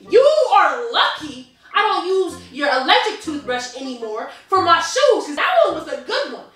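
A woman's voice: sits high, very animated, moderate pace, hardly any pauses, fairly bright tone, recorded from a distance. A woman vlogger joking with her best friend, teasing and acting mock-offended while laughing her way through. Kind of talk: playful prank banter. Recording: echoey room, voice off-mic.

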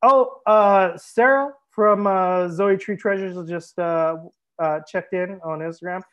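A man's voice: high voice, slow, a bit bright, dull audio. A young man hosting a live wine tasting as a sommelier, chatting casually and joking as he reads out viewer comments. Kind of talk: casual livestream chat.

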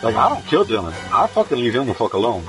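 Male gaming streamer, mid-pitched, excitable and profane play-by-play, game music underneath. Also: quick pace, poor audio. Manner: excitable, profane, hyping a fellow player. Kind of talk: casual gameplay commentary.

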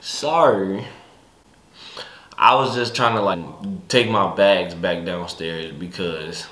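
A young man casually recounting a family conflict in relaxed, slangy speech with many restarts. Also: fairly low pitch, roomy sound. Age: young adult. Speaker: son telling his story. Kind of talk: casual storytelling.

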